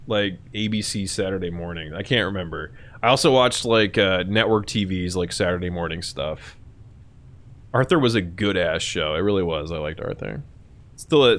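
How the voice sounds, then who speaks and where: A young man hosting a live stream, chatting casually with his chat in a profane, animated way and often jumping into shrill mock voices.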